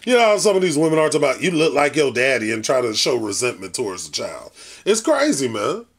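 A man's voice: medium pitch, huge pitch swings, fast, husky. A man hosting a reaction video, exasperated and swearing casually, with preachy asides. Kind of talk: reaction commentary.

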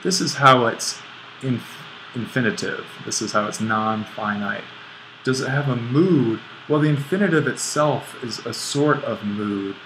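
A man's voice: mid-range voice, measured pace, noisy background. A man teaching a grammar lesson over an on-screen whiteboard, thinking aloud and correcting himself as he writes. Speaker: Greek instructor.

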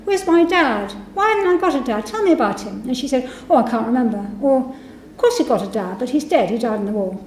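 A woman's voice: on the high side, expressive, fast talker, few pauses, darkish tone, a little hiss or hum. A woman giving a public university lecture, reading testimonies aloud and voicing the quoted speakers. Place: lecture hall. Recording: echoey lecture hall.

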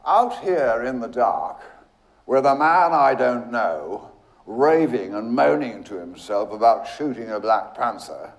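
A man voicing a quiet, wary young male scholar who speaks earnestly. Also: lowish voice, big pitch swings, extremely slow, pauses often, heavily acted. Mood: uneasy. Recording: echoey room.

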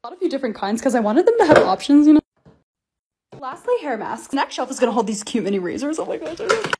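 A young woman talks through her home organizing projects in a high, quick voice that bounces all over the place. She is chatty and excitable and drops in fast asides, with a faint hiss of noise behind her. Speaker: lifestyle vlogger.

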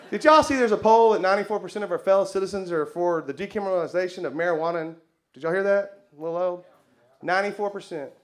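A Texan man with a high, fairly bright voice performs stand-up in a comedy club. He drawls and laughs through his own jokes while the audience laughs in the background.

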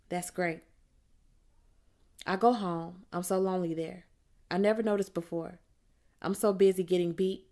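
A woman narrating an audiobook in the first person, telling the story in a plain, measured way. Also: fairly low pitch, a little mellow.

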